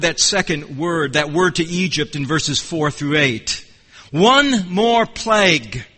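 A man preaching an expository sermon, emphatic and repeating key phrases with deliberate pauses, recorded in a church sanctuary. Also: a little high, sharp tone. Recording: long hall reverb.

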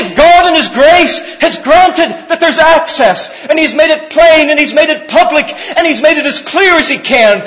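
High-voiced fervent preacher in a hall. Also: male voice, a bit bright. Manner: fervent, emphatic, builds through repeated phrases. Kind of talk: sermon.

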